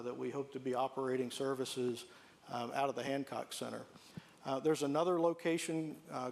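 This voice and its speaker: A man, a health system executive, giving a measured presentation to a room of staff and listing services one by one. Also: medium pitch, darkish tone. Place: meeting room with a live staff audience.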